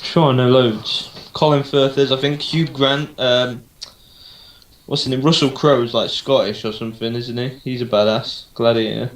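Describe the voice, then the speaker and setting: A man's voice: mid-range voice, steady tone, normal speed. A young man co-hosting a casual podcast, rambling and unsure, thinking aloud with lots of ums. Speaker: podcast co-host. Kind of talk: casual chat. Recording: roomy home recording.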